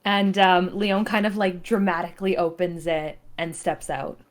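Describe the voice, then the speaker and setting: A relaxed woman player at a tabletop game describes what her character does. She speaks casually and uses some fillers. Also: on the low side, moderate pace.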